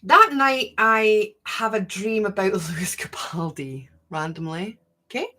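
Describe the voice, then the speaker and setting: A middle-aged woman hosts a casual livestream and tells a long story. Her voice is bright and ringing. She talks in an animated way and acts out what each person said. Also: mid-range voice, measured pace. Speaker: spiritual channel host.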